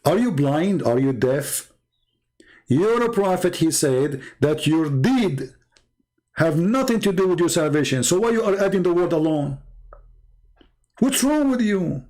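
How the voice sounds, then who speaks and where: Combative man, rather high voice. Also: animated, a little mellow. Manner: mocking, argumentative, rapid-fire rhetorical questions. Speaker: livestream debate host. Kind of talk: combative livestream commentary.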